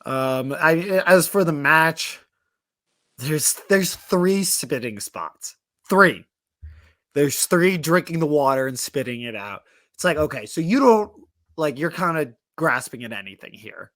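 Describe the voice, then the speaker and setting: A man's voice: a little high, animated, measured pace, a bit bright, no echo, clean studio sound. A man co-hosting a wrestling podcast in casual chat, cynical and heavy on filler words. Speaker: podcast co-host.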